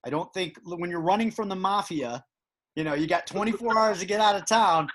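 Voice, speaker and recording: Man, podcast host, casual chat, rambling with restarts, fairly high voice. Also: fairly quick, slight background noise. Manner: rambling, emphatic, with many restarts and fillers. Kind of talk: casual conversation.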